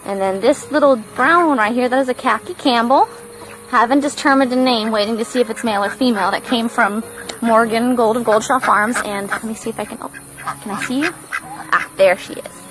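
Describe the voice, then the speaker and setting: A woman's voice: brisk, a bit bright, low-quality recording. A woman giving a casual farm tour, chatting about her animals outdoors. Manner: chatty, cooing at animals in a high baby voice. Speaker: farm vlogger.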